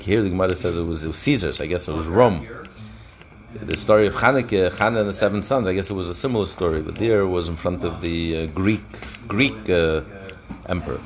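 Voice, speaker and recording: A man's voice: deep voice, brisk. A man teaching a daily Talmud lesson, retelling the story with passion and mixing in Hebrew phrases. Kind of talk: daf lesson.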